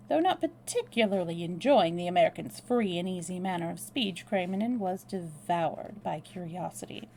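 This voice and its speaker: A woman reading a novel aloud as a storyteller, in a calm narrating manner. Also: lowish voice, moderate pace, hardly any pauses.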